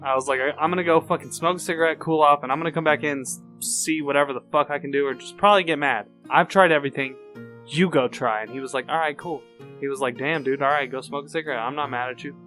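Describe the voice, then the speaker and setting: A tipsy man co-hosting a podcast, his voice bright and fairly high for a man. He talks casually and profanely and rambles from one story to the next, with faint guitar music behind him. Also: quick pace. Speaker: podcast co-host. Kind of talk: casual chat.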